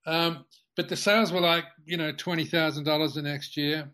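A man's voice: on the high side, fairly even intonation, pushed and bright. Rambling older man telling a story. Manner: halting, many restarts and fillers. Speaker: interview guest, company founder. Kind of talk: anecdotal storytelling in interview.

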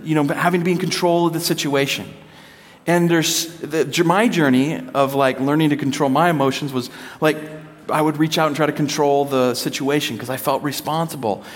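A man in his thirties preaching to a congregation, telling personal stories in an animated way and acting out his children's voices. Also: fairly high pitch, big-room sound. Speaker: speaker addressing a congregation.

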